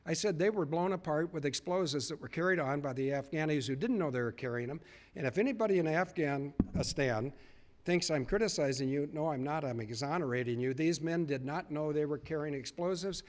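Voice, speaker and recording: A man's voice: fairly high pitch, brisk. Earnest man telling a story to an audience. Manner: earnest, retelling conversations with emphatic repetition. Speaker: public speaker. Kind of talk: storytelling speech to a live audience.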